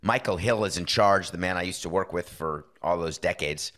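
A man's voice: low voice, a bit bright. Opinionated middle-aged male sports podcaster. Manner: opinionated, acts out dialogue in quick asides. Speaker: podcast host. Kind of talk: casual sports talk monologue.

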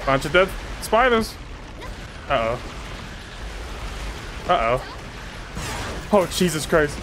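A woman commentating her gameplay casually, excitable, swearing and trash-talking enemies. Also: sits low, slow, long pauses, noisy background. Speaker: gaming streamer.

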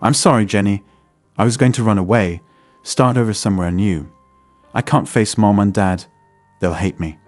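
A man's voice: fairly low pitch, normal speed, darkish tone, no echo, soft background music, lightly acted. A man reading the part of a guilty teenage girl who pleads in a small voice. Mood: pleading.

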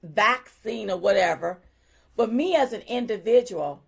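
A woman's voice: mid-range voice, animated, measured pace, creaky, slightly rough. A woman co-hosting a casual livestream chat, talking emphatically and greeting viewers by name. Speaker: co-host.

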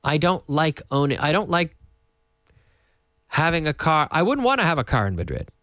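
The recording is dry with no room sound, capturing a man with a lively pitch teaching English online to Spanish speakers from Madrid. His casual lesson is lively and slow-paced, built on repetition and Spanish glosses.

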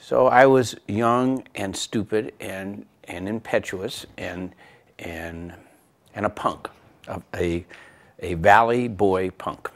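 A man's voice: lowish voice, slow pace. A middle-aged man telling a self-mocking story from his youth in an interview. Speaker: composer recalling a story. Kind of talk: interview anecdote.

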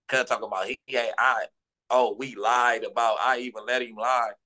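A man's voice: mid-range voice, steady tone, normal speed, sharp tone. A man from Los Angeles, a guest in an interview, talking heatedly and insistently in profane street slang.

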